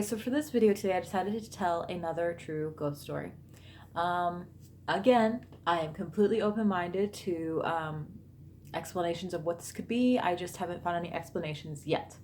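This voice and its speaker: A chatty woman in her thirties tells a true ghost story straight to camera. Her voice sits fairly low, and her talk is full of fillers and casual asides. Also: a little hiss or hum. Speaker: YouTuber. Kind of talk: storytime vlog.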